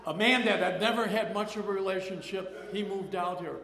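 At a recovery meeting, an older man with a high, fairly quick, slightly bright voice tells his personal story. He's chatty and rambling, laughing often and repeating phrases, in an echoey hall with long reverb.

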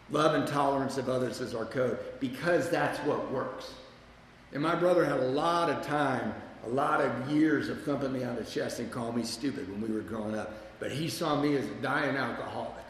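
At a recovery meeting, a man shares his personal story with a live group, speaking candidly and adding self-deprecating asides. His voice is mid-range, with slight background noise. The meeting room sounds like an echoey hall with long reverb.

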